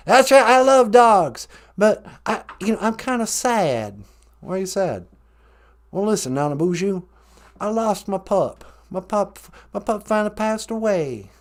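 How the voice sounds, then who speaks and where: A man's voice: high-pitched, big pitch swings, a little slow, exaggerated voice. A man putting on a folksy, drawling, laid-back ex-president rancher in a comedic podcast chat.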